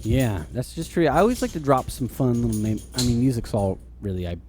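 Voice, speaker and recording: A man's voice: mid-range voice, big pitch swings, fast, darkish tone, soft background music. A man co-hosting a podcast, chatting casually in a rambling way, with lots of "like" and frequent laughter. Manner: rambling, heavy use of "like", laughs often. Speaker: podcast co-host. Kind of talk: casual chat.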